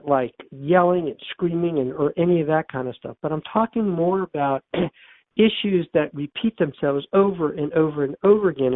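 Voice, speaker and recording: A man's voice: a little high, dry recording. Older man, tinny phone line. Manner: earnest, personal, repeats phrases for emphasis. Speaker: author and therapist, interview guest. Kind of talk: reflective storytelling in an interview.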